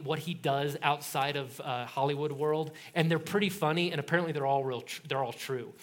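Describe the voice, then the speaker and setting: Middle-aged guy preaching, animated storyteller, voice on the higher side. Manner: animated storytelling with laughs and acted quotes. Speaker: pastor. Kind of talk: sermon.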